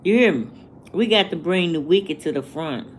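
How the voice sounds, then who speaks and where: A woman, talking to her livestream viewers in a slow, preachy way and asking the same rhetorical questions over and over. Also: fairly low pitch, expressive, slight background noise. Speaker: vlogger. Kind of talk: casual livestream rant.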